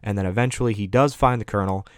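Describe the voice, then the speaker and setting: A man giving a casual, rambling film review, full of fillers and quick self-corrections. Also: fairly low pitch, clear, resonant tone, dry recording, clean studio sound.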